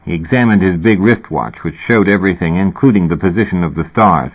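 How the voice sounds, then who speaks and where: Husky-voiced man narrating a novel. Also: sits low, brisk, few pauses. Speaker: audiobook narrator. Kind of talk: scripted narration. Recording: tinny phone-like recording.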